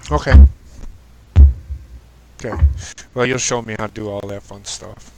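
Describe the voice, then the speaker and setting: A man hosting a casual live stream chat, joking around, swearing and laughing loudly. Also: on the low side, steady tone, unhurried, a little hiss or hum. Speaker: stream host.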